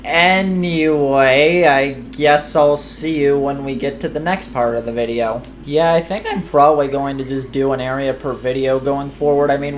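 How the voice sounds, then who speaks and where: A man's voice: medium pitch, slight background noise. Chatty man rambling over gameplay. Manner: chatty, rambling, self-deprecating. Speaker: gaming YouTuber. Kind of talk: casual gameplay commentary. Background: faint game music.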